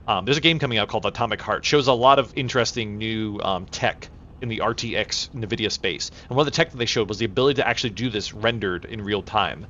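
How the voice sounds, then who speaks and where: Bright excitable guy streaming a game, rambles, lo-fi mic. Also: fairly low pitch, slight background noise. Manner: rambling, restarts and swears, excitable. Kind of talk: casual gaming commentary. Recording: dull lo-fi dry mic.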